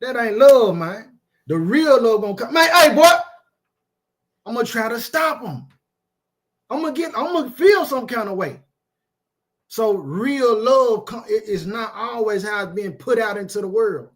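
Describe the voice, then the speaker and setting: A man's voice: high voice, expressive, normal speed. A man preaching an informal sermon, emphatic and repetitive, with streetwise phrasing and frequent asides of "man".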